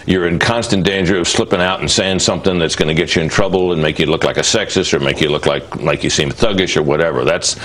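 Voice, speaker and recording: A man with a very deep voice offering political commentary. He speaks in a measured way, pausing and searching for words as he goes. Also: fairly bright tone. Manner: measured, hesitant, with fillers. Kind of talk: deliberate commentary.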